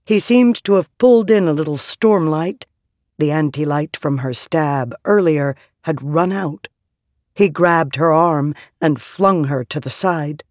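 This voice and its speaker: An audiobook narrator reading a fantasy story in a measured, steady way. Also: medium pitch, no room sound, studio quality. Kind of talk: scripted narration.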